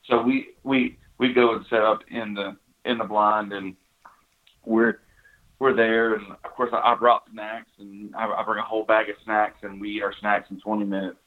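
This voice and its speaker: A man's voice: lowish voice, flat delivery, normal speed. A man, casually telling a hunting story, full of restarts and "you know"s. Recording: tinny phone-like line.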